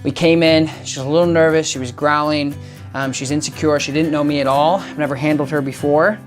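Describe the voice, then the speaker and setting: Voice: medium pitch, steady tone, brisk. Upbeat dog trainer over faint music. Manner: upbeat, chatty, praises the dog often. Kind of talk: casual training vlog. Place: indoor room with a dog crate.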